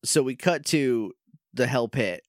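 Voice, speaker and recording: A man co-hosting a podcast in casual chat, animated and laughing. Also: measured pace, no room sound, studio quality. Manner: animated, laughing, mimics characters in a low mumble. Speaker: podcast co-host.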